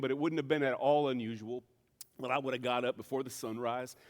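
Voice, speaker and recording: Pastor, man in his forties, mid-pitched, loose and conversational from the pulpit, self-deprecating humor. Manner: relaxed, self-deprecating storytelling with frequent fillers. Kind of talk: casual conversational sermon. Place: church sanctuary.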